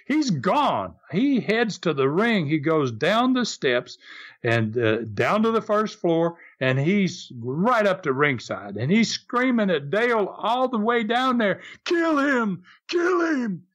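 Animated older Southern man telling stories. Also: sits high, slow. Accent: Southern American. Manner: animated, acts out shouted quotes, chuckles often. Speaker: podcast host telling wrestling stories. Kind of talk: casual storytelling.

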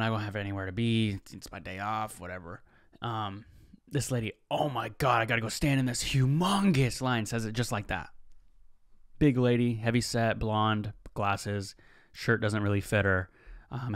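A man's voice: fairly low pitch, no echo, clean studio sound. Laid-back young man telling stories. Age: 20s. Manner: rambling, laid-back, says "man" a lot. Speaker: podcast host. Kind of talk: casual storytelling monologue.

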